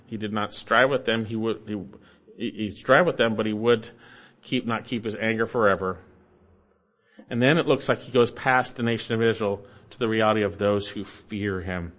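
A man preaching a sermon, explaining scripture verse by verse and swinging between emphatic rises and quiet low endings. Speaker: pastor.

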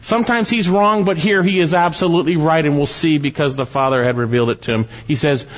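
An earnest male preacher working through a passage, posing questions to his flock and softening into lower tones for quoted verses. His voice sits slightly high and carries a long reverb from the sanctuary. The sound is a little dull and lo-fi. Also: a little fast, few pauses. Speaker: pastor. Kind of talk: expository sermon.

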